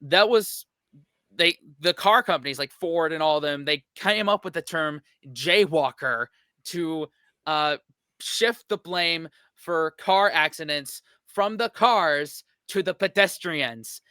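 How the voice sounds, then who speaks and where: American man, casual reaction chat, bright clear voice, dry close sound. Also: fairly high pitch, slow pace, no room sound. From United States. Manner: rambling, hesitant, joking. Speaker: reaction channel host.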